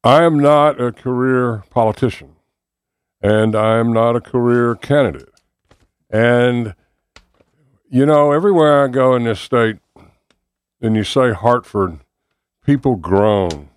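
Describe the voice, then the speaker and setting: A man with a Southern US accent answering interview questions as a political candidate, measured and pausing with fillers. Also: mid-range voice, clear, resonant tone, no room sound, studio quality.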